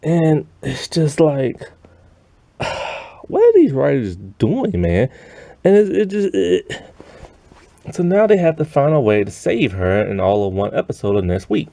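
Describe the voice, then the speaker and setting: A man's voice: medium pitch, huge pitch swings, unhurried, creaky, warm tone, dry recording. A man ranting in an exasperated, rambling way about a TV episode, sighing often. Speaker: show reviewer. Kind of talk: ranting TV review.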